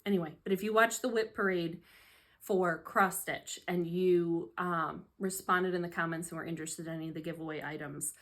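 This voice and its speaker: Seated at a tray table in a room at home, a woman films her chatty hobby vlog on a phone, laughing often and poking fun at herself sarcastically. She speaks in a lowish, steady, fairly bright voice at a moderate pace.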